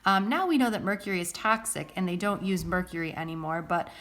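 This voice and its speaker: A woman's voice: on the low side, fairly quick, a bit bright, a little hiss or hum. A woman teaching a recorded science lesson in a casual, chatty way, often checking in with the listener.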